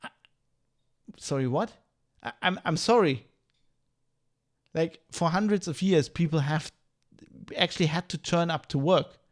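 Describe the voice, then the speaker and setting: A man's voice: fairly high pitch, unhurried, pauses often. A man hosting a podcast livestream, ranting in a heated, profane, rambling way. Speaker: podcast host.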